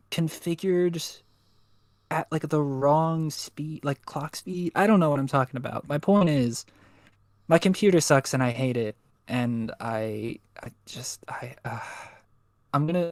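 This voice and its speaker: A man's voice: on the high side, a little slow, a little mellow, no echo, studio quality. A young man chatting casually on a livestream, rambling and swearing with self-mocking humor. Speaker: co-host. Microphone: USB desk microphone.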